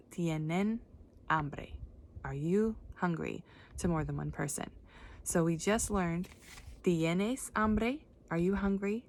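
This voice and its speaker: Slow gravelly woman teaching Spanish words. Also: on the low side. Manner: patient, repeats words and prompts listeners to say them. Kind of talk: beginner language lesson for children.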